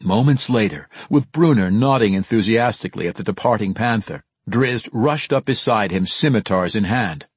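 A male audiobook narrator telling a fantasy story in a measured, expressive way. His low voice swings widely in pitch and carries a husky grain. The recording is dry and close. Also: dry recording.

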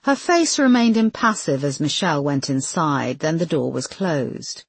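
A woman reading an audiobook narration in a measured, expressive way with a husky voice. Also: low voice, dry recording. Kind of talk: scripted narration.

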